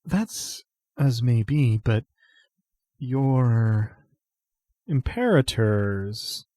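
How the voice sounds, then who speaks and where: A man voicing a calm, courteous noble envoy in a tabletop game, speaking in a composed, guarded way. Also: medium pitch, very slow, no room sound. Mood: measured.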